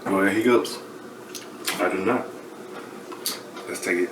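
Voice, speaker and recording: A man's voice: low-pitched, steady tone, noisy background. A man with the hiccups, co-hosting a podcast in casual, joking banter. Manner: joking, quick back-and-forth banter. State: has the hiccups. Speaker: podcast co-host. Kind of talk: casual chat. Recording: echoey room.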